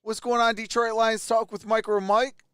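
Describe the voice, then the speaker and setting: A man hosting a casual live stream with a hoarse, worn-out voice, who greets viewers one by one and laughs often. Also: high-pitched, level tone, normal speed, a bit bright, no echo, studio quality. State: hoarse, voice nearly gone. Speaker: livestream host.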